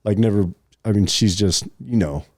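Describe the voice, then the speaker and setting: A man's voice: lowish voice, moderate pace, no room sound, clean studio sound. A middle-aged man telling a personal story in casual podcast chat, rambling with many fillers and restarts, sometimes choked up. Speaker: podcast co-host.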